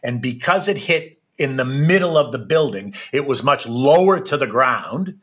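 A man's voice: mid-range voice, lively intonation, normal speed, husky. A man recounting a personal experience in an emphatic, repetitive way, often tagging his sentences with "right?". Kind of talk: personal storytelling.

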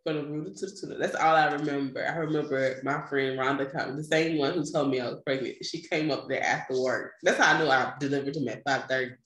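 A young woman with a low voice tells a story fast, barely pausing, in a casual, animated chat. She laughs a lot and performs the quoted voices, and the room she's in echoes.

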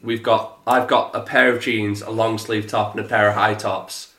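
Guy ranting through a story, swears a lot, bright voice, roomy echo. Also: normal speed. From England. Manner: animated, swearing, mimics others in a flat lowered voice. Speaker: podcast co-host. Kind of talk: casual storytelling chat. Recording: echoey room.

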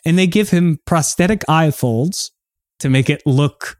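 Man, comedy podcast host, animated storytelling, higher voice, dry mic. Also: measured pace, no echo. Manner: animated, acts out quotes.

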